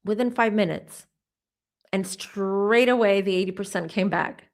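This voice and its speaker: A woman in her forties hosting a psychic channel, telling a personal story in a chatty, animated way with asides to her viewers. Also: mid-range voice, unhurried. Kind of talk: casual storytelling to camera.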